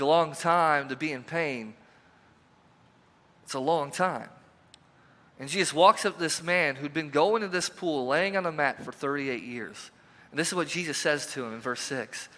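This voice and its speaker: A pastor giving a conversational, emphatic sermon, asking the congregation repeated questions, recorded in a church sanctuary. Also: male voice, a little high, bright, forceful tone. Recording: reverberant church hall.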